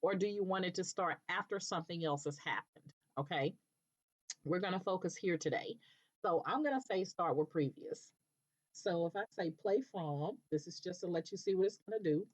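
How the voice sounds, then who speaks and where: A woman presenting a screen-recorded software tutorial, explaining patiently step by step and checking in with "okay", with an occasional cough. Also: lowish voice, moderate pace. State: coughing now and then. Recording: dull lo-fi recording.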